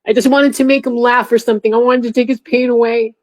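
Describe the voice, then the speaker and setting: A middle-aged woman, a former airport security officer, recounting a painful memory in a halting way with many restarts. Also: a little high, flat delivery, a little mellow, rough recording. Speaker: interview guest, former TSA officer. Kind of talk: emotional personal recollection.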